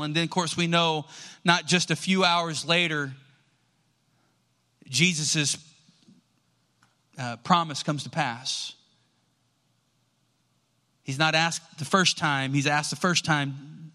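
Male preacher, high bright voice, animated storyteller who acts out dialogue. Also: slow pace, long pauses. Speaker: pastor. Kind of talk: sermon.

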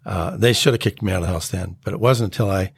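An American man telling his life story as an interview guest, earnest and halting. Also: sits low, vocal fry, breathy edge, no echo, clean studio sound. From United States. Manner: earnest, halting, acts out quoted dialogue. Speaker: guest sharing his testimony.

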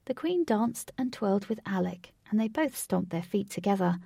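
Gravelly-voiced woman reading a story. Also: mid-range voice, animated, normal speed, warm tone, no echo, studio quality. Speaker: narrator. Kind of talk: storybook read-aloud narration.

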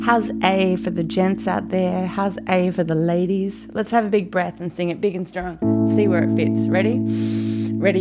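A woman's voice: fairly low pitch, fairly even intonation, moderate pace, over loud music. A woman teaching singing on a podcast, playful and encouraging, dropping into sung demonstrations. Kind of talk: podcast vocal lesson.

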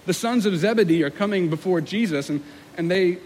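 A young man preaching a sermon as pastor, in a conversational, self-deprecating way, with lively acted-out quotes. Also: sits high, fairly quick. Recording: long hall reverb with faint room noise.

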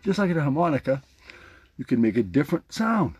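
Loud music plays behind this podcast host, whose high-leaning voice swings widely in pitch at a fairly quick clip. He keeps things casual and playful, showing off a jaw harp and delivering a motivational message, vlog-style.

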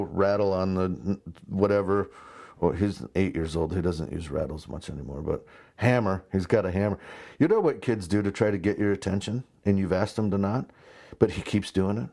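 A man in his thirties preaching a conversational sermon, telling stories with lively asides. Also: on the low side. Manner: conversational, animated storytelling with asides. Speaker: pastor.

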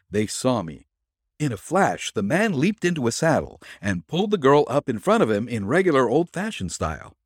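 A man voicing a young male detective's assistant in a storybook reading, talking in a brisk, plain-spoken report. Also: medium pitch, slightly rough, no room sound, studio quality.

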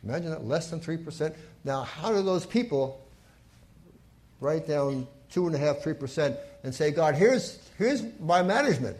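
A man's voice: a little high, normal speed, mellow. A man preaching a sermon in a church, telling stories and stressing key points with rising emphasis. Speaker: pastor.

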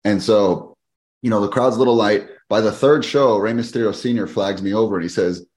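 A middle-aged fitness business owner with a very low, deep voice tells a story as a podcast guest. Casual and conversational, he moves the tale along quickly and animatedly, acting out the people he quotes.

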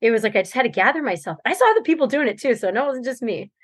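Higher-voiced woman telling a story casually. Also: lively intonation, very fast, slightly rough, no echo. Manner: rambling storytelling, laughs often, many fillers. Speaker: podcast guest, ultrarunner. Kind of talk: casual interview chat.

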